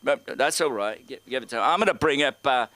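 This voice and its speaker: A man hosting a comedy show, delivering dark jokes deadpan with halting phrasing, speaking into a handheld mic on a club stage. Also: mid-range voice.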